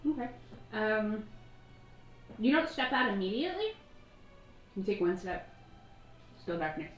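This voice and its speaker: A woman's voice: medium pitch, big pitch swings, unhurried, muffled recording, soft background music. A woman narrating as game master of a tabletop game, eating and laughing as she talks. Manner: eating while talking, laughing often. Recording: echoey room, background noise.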